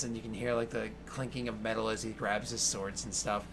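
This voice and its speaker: A man narrating as game master in a tabletop game, animated and full of fillers. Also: mid-range voice, a little fast, hardly any pauses, slight background noise.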